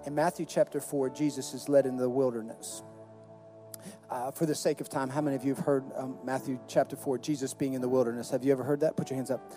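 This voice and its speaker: A man's voice: medium pitch, steady tone, fast talker, dark tone, faint music behind. A male pastor preaching a sermon in a conversational way, with stammered restarts and acted-out quotes.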